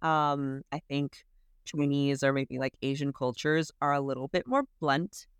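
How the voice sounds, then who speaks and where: Animated woman podcast guest, smooth voice. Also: rumbling low, unhurried, no echo. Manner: animated, laughs often, acts out her own inner voice. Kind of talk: casual interview chat.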